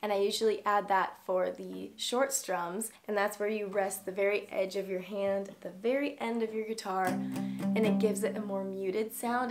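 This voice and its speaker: A young woman giving a casual guitar lesson, calling out long and short strums as she plays. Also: medium pitch. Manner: explains strumming patterns, counting long and short. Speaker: guitar teacher. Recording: loud guitar playing throughout.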